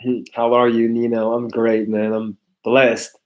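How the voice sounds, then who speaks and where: A man's voice: mid-range voice, monotone, unhurried, dull audio. A young man reading viewer comments aloud in a laid-back, slangy livestream chat. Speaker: YouTuber reading live chat.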